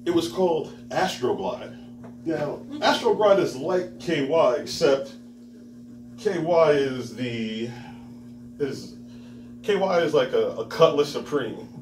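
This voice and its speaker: A comedian in his thirties speaks slowly and expressively in a slightly high, somewhat mellow voice. He's telling a rambling open-mic story in a bar before a live audience, laughing along and performing the people he describes. The distant, roomy mic catches the crowd, along with a little hiss or hum.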